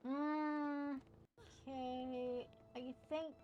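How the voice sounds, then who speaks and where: High-voiced woman streamer, playful and unhurried. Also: little pitch movement, muffled recording, slight background noise. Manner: playful, talks to herself and reads chat aloud. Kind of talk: casual gameplay live stream chat.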